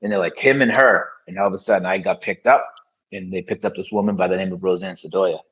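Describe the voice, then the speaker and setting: A man's voice: deep voice, level tone, fast talker, husky, rough recording. A man as a podcast guest, telling his story in frank, casual conversation with many fillers.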